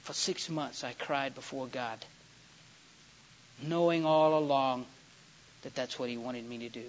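A middle-aged man preaching a sermon, dramatic, swinging between loud excited storytelling and hushed, slow scripture reading. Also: mid-range voice, a little hiss or hum. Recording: dull lo-fi recording.

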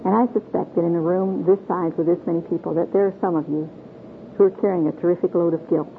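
A woman's voice: fairly low pitch, fairly even intonation, fast talker. A middle-aged woman from Michigan teaching a Bible class to a group in a folksy, earnest way, asking her listeners questions. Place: meeting room with a group. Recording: tinny phone-like old tape with faint hiss.

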